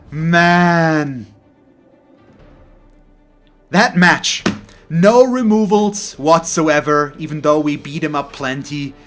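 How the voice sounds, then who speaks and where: A man hosting a let's play, voice sitting a bit high for a man, grumbling and sighing through frustrated commentary. Faint game music plays softly underneath. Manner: frustrated, sighing, openly salty. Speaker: gaming channel host.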